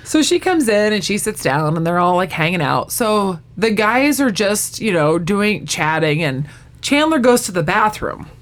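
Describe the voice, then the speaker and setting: A woman's voice: medium pitch, moderate pace. A woman in casual chat, eagerly retelling a sitcom episode and acting out the characters' lines as she goes. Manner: animated storyteller who acts out the quotes.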